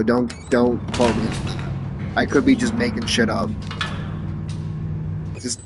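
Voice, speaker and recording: A man streaming a game, rambling and joking in casual chat and often trailing off quietly. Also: medium pitch, background noise.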